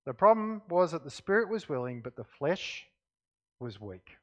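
A man preaching a sermon, reading scripture aloud and explaining it with expressive emphasis that drops to quiet asides. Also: a little high, moderate pace, lo-fi sound.

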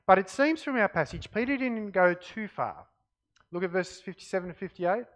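A man preaching a sermon, reading scripture aloud and explaining it with expressive emphasis that drops to quiet asides. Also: sits high, normal speed.

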